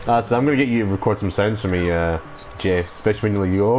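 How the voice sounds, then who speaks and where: A man streaming a video game, giving casual commentary, excitable and sweary, breaking into loud laughs and whoops. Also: on the low side, quick pace, slight background noise, poor audio. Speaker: gaming streamer.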